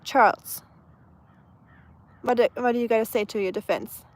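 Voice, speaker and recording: A woman's voice: fairly high pitch, fairly even intonation, moderate pace. A woman from Germany with a German accent, casually chatting and answering viewers' comments on an outdoor live stream, with many fillers and restarts. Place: outdoors on a sunny day.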